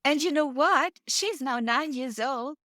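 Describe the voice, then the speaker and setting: Woman, podcast guest, high pitch, heartfelt storyteller. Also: a little slow, a bit bright, no echo, clean studio sound. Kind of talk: casual chat.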